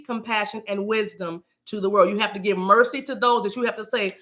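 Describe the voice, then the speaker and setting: A woman hosting a spiritual live stream in casual talk, animated and playful, breaking into chant-like sounds. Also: mid-range voice, fairly quick, few pauses.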